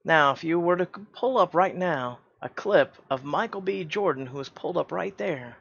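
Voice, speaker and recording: A man's voice: a little high, expressive, normal speed, creaky, a bit bright, slightly rough. Heated man ranting in a dull, lo-fi recording. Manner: heated, repeats himself, stumbles. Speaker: YouTube channel host. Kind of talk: defensive vlog rant.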